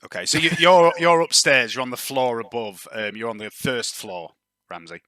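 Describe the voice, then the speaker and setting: A man running a tabletop game as game master, chatting with players and narrating scenes in a relaxed way. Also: mid-range voice, normal speed, no room sound, poor audio.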